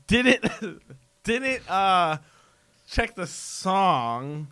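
A man's voice: high voice, very slow, clean tone, no echo. A man co-hosting a podcast in casual banter, telling stories with lots of laughter. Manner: laughing, animated storytelling. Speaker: podcast co-host.

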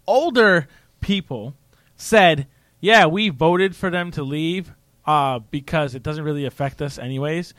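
A man in casual political chat, animated and ranting, often mocking other people's voices. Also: a little high, measured pace, dry recording.

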